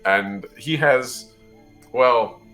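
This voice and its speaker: A man's voice: mid-range voice, extremely slow, pushed and bright, soft background music. A man narrating as game master of a tabletop game, describing the scene in a rambling, casual way with many fillers.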